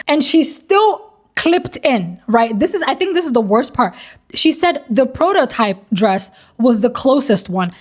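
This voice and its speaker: Animated young woman telling a story. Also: sits high, moderate pace. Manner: animated, slangy, swears, breaks into laughter. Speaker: commentary creator. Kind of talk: casual storytime commentary.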